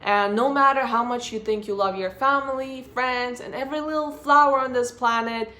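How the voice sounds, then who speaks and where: A woman's voice: a little high, moderate pace, pushed and bright. A woman vlogger giving a frank, blunt personal monologue about human nature.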